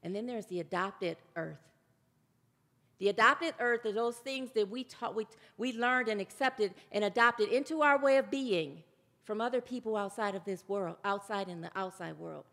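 With a long hall reverb around her, a woman delivers an emphatic sermon and occasionally asks the congregation to speak words back. Her voice is medium-pitched, gravelly and fairly bright, at a moderate pace.

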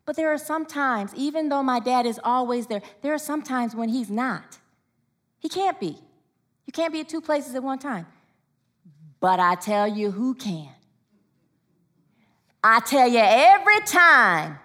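A woman's voice: high voice, normal speed. A woman preaching a sermon in church, emphatic and calling out to the congregation for responses.

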